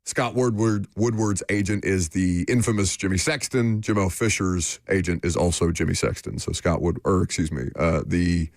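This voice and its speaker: A man's voice: deep voice, normal speed, few pauses, dry recording, clean studio sound. A man hosting a sports radio show, joking and rambling loosely. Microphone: studio microphone.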